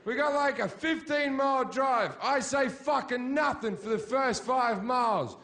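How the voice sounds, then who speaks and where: A man performing a stand-up set in a theatre, swearing constantly and swinging between shouted rants and low, mumbled asides. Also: unhurried. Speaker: stand-up comedian. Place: sold-out theatre.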